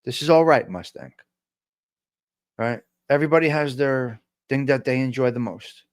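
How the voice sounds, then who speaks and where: A man's voice: medium pitch, normal speed, dry recording, clean studio sound. A man with a New Jersey accent hosting a casual live-stream chat, brash and profane, joking and talking back to the chat.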